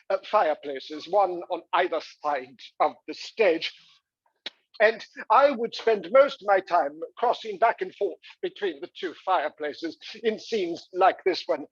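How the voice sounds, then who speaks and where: A man plays a vain, rakish aging movie star who speaks in a put-on English accent, flippant and posh. The voice sits high and husky, and the recording is dry and a little dull. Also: no echo, exaggerated voice. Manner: boozy, flippant, posh showman.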